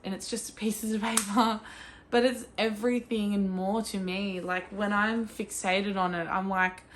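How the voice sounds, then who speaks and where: An Australian woman talking in a casual chat about books she loves, gushing and excitable, and she swears freely. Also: mid-range voice, a little slow, a little hiss or hum. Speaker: book vlogger. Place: at home with her cat.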